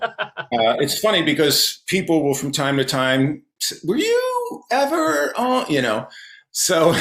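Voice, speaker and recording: A male comedian and magician chatting as a podcast guest, spinning stories with lively, animated energy and a big, loud laugh. He sits at a medium pitch, and the recording picks up a noticeably roomy echo from the space he's in at home. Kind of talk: casual podcast interview storytelling.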